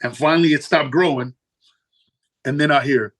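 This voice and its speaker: Male comic guest, raspy-edged voice, lively and profane storyteller. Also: moderate pace, rough recording. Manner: animated, profane, jumps high in pitch for punchlines. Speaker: guest comedian. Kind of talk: storytelling in a casual interview.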